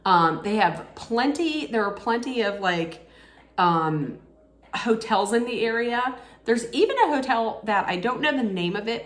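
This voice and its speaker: A woman vlogger telling a casual story, animated and excitable, laughing often. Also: medium pitch, roomy sound.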